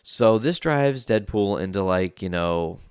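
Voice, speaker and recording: A man's voice: lowish voice, animated, measured pace, a little mellow, clean tone, no echo, studio quality. A man casually recapping a movie plot in a rambling way, with lots of fillers and frequent swearing. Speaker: movie reviewer.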